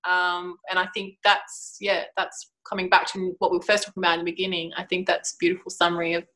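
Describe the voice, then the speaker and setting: A woman hosting a casual conversation, expressive and enthusiastic, often laughing as she talks. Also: fairly low pitch, fast talker.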